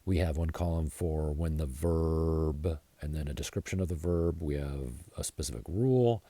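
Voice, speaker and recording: Man, American accent, English teacher, spells out letters, very dark mellow voice, husky. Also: a bass voice, dry recording. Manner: slow and deliberate, spelling out letters. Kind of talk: slide-based grammar lesson.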